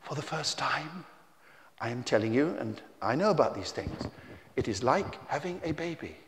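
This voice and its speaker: A man, a children's author, telling stories to a young audience in a theatrical, teasing way, shifting between shouts and hushed asides, recorded on a tie-clip mic at an indoor festival venue. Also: medium pitch, sing-song, normal speed, a little hiss or hum. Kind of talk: live storytelling talk to children. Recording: reverberant hall.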